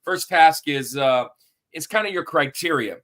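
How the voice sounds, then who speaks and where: A man's voice: a little high, lively intonation, a little slow, a bit bright. A man hosting a sports podcast in an upbeat, hype-building, somewhat rambling way. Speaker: podcast host.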